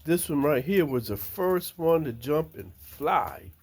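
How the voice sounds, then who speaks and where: An older man, chatting slowly and fondly to his backyard chickens outdoors. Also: on the high side, animated, husky. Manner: slow, drawling, talks fondly to the birds. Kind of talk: casual chat talking to his hens. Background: chickens clucking.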